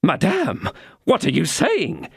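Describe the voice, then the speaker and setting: A man's voice: fairly high pitch, huge pitch swings, takes it slowly, creaky, husky, no room sound, clean studio sound, pitched above the performer's own voice, full character voice. A man voicing a greedy, cowardly middle-aged mercer in an audiobook, speaking pompously and repeating grand phrases. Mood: alarmed.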